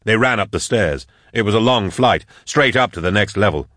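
A man narrating an audiobook in a measured, steady read, close on a studio mic. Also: fairly low pitch, no echo. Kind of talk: scripted narration.

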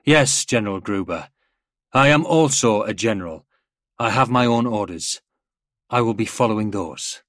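A man voicing a self-assured male tank commander who answers in calm, measured, unbending replies, a little higher than his own voice. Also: no room sound, clean studio sound. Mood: composed. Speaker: tank army general.

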